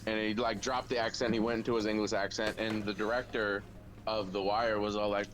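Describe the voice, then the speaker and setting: A man's voice: lowish voice, flat delivery, fairly quick, a bit bright, soft background music, poor audio. A man on a game stream telling a rambling story, with casual swearing.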